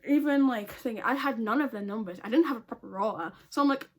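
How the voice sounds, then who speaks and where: A woman's voice: a little high, fast, background noise. A woman telling a storytime vlog in a casual, blunt way, swearing a lot and laughing often. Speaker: vlogger.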